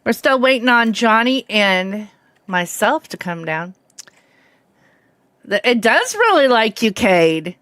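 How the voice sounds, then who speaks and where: A woman in her fifties, hard of hearing and with a slight Southern American accent, hosts a game livestream, rambling casually and greeting viewers by name. Her fairly high, fairly bright voice swings widely in pitch, taking things slowly with long pauses, captured in clean studio sound with no room echo.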